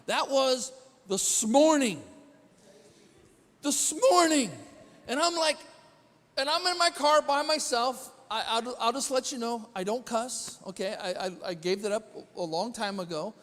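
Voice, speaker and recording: A male pastor with a high-pitched voice preaches in a chatty, storytelling way. He keeps quizzing the congregation and pokes fun at himself. His voice rings with a long reverb through the church sanctuary. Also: unhurried, fairly bright tone. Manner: chatty, quizzes the congregation, self-deprecating humor. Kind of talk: conversational sermon storytelling.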